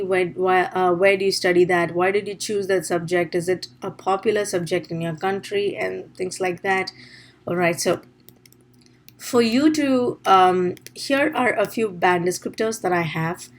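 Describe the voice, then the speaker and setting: A woman's voice: medium pitch, moderate pace. A woman teacher giving an online exam-prep lesson, explaining step by step and checking in with "all right?". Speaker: IELTS teacher.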